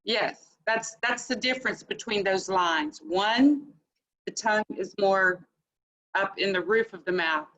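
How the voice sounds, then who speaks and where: A woman's voice: mid-range voice, unhurried, a bit bright, low-quality recording. A woman student in an online class, explaining a point and checking whether she is right. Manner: explains while checking her answer. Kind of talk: asking in class.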